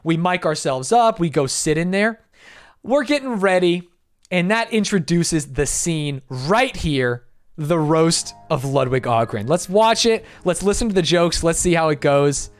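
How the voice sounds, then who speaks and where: A young man recounts a story as a streamer, reacting to a video as he goes. His pitch bounces all over the place and his tone is animated and self-mocking. He swears freely along the way. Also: a little slow.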